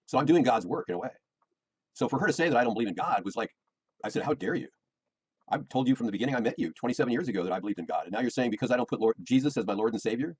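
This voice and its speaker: A man's voice: mid-range voice, darkish tone, slightly rough, poor audio. A middle-aged American man, rambling and defensive, repeating himself as he complains about his personal life. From United States.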